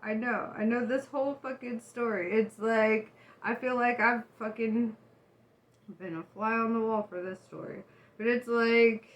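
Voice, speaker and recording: Laughing, chatty high-voiced woman tarot reader. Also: measured pace. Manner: laughs often, swears, chatty and animated. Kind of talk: casual tarot reading to camera.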